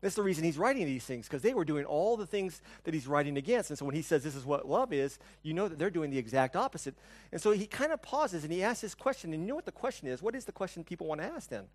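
A male pastor giving a conversational sermon, telling stories, asking the congregation questions, and swinging between soft and loud. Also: on the high side, expressive, fast talker. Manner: storytelling, asks the congregation questions.

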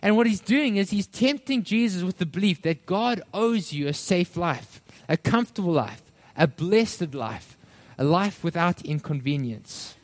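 A male pastor preaching a sermon, addressing listeners as friends and acting out the quoted voices with animated shifts. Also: high-pitched, measured pace, few pauses.

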